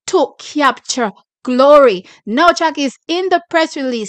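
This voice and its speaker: A Jamaican woman in her younger years runs her sports channel with excitable energy, drawing out words and breaking into chatty asides. Her voice sits a bit high for a woman. The sound is dry and close, with no room around it. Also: a little slow, dry recording. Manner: excitable, hyping, reads a press release aloud with asides. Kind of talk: casual track-and-field news commentary.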